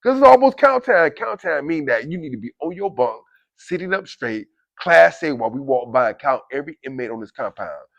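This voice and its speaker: A gravelly, animated man tells a prison-life story to camera in casual speech, his voice mid-range and a little fast. He keeps speaking straight to his listeners and acts out quoted guards and inmates. The recording is muffled.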